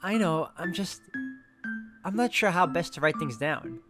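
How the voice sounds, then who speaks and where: A man's voice: fairly high pitch, expressive, pitched above the performer's own voice. A man voicing a timid, tearful young woman novice nun who stammers and falters, over background music. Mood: timid, pleading. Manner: halting, stammering, on the verge of tears.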